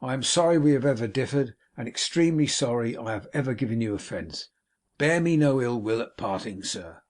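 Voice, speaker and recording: A man voicing a good-looking young man in an audiobook reading, speaking in a frank, conciliatory way with a husky voice. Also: medium pitch, expressive, a little fast, natural voice. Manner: friendly, frank.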